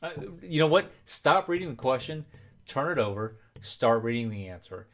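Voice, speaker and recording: A young man chats on a live stream with a rowdy, profane edge, drinking as he goes. His voice sits at a middle pitch, and he slips into long, explanatory stretches. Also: lively intonation, normal speed. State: drinking alcohol. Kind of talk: casual live-stream chat.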